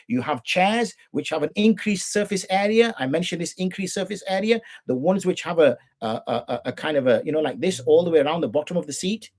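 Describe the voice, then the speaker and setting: On a live show, a middle-aged Islamic jurist teaches the rules of prayer in a fairly high-pitched voice. He argues through rhetorical questions and mimics the people he's correcting.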